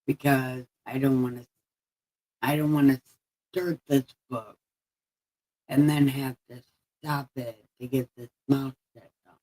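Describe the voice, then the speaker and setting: A woman hosts a casual livestream, talking slowly in a husky voice. She rambles playfully and circles back to the same phrases, with easy laughter between them. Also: extremely low pitch, steady tone, warm tone, low-quality recording. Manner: playful, rambling, repeats herself, laughs often. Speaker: livestream host.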